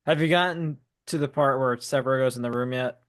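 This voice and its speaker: Enthusiastic swearing man, mid pitch. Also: quick pace, fairly bright tone. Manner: enthusiastic, profane. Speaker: podcast co-host. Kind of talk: casual book discussion chat.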